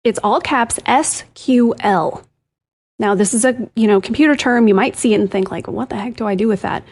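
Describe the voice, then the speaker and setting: A woman's voice: fairly high pitch, moderate pace, a little mellow, slightly rough. A woman co-hosting a tech show, chatting animatedly and giggling often. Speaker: co-host. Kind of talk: casual chat.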